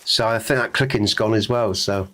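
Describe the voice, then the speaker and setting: A man's voice: fairly low pitch, moderate pace, a bit bright. A laid-back man from Scotland hosting a hunting game stream, swearing often and laughing easily. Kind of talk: casual gaming chat.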